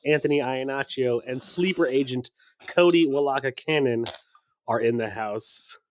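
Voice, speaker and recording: A man's voice: medium pitch, normal speed, slight background noise. A young man co-hosting a casual podcast chat, laid-back and joking. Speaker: podcast co-host.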